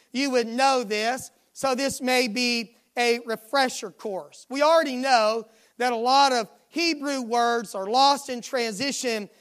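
A woman preaching a sermon at a midweek church service, emphatic and given to repeating refrains. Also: sits high.

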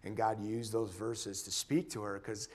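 A man telling a personal faith testimony in an earnest, halting way, often repeating words as he restarts. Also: on the low side, level tone. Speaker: church member sharing a testimony.

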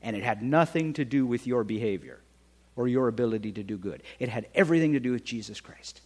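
A man preaching a sermon in a conversational way, often checking in with his listeners with a quick "right?". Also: medium pitch, expressive, in a large hall. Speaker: pastor.

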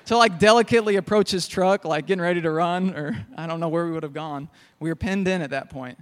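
A man's voice: a little high, fast talker. A young man preaching a sermon in a church hall, telling jokey stories. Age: young adult. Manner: storytelling, jokey.

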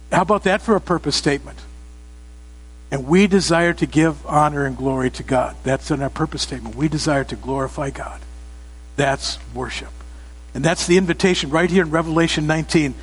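High-voiced man preaching in an echoing hall. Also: normal speed, long pauses, slightly rough. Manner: emphatic, rising to loud exclamations. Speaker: pastor. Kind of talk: sermon. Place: church sanctuary. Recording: long reverb of a church hall.

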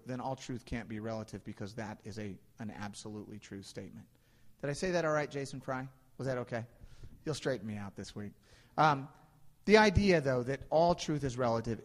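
A man in his thirties, a pastor giving a casual, story-filled sermon with lots of ums and restarts. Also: medium pitch. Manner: casual, anecdotal preaching with frequent fillers and restarts. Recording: long reverb in a large hall.

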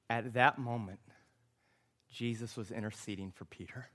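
A man preaching a sermon as a pastor, with emphatic, repetitive phrasing that builds to loud, impassioned passages. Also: fairly low pitch, fairly even intonation, normal speed, long pauses.

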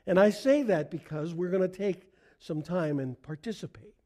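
A middle-aged male pastor preaching a sermon in a church, earnest, going soft in prayer and rising on emphasis. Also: high voice, normal speed. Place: church sanctuary.

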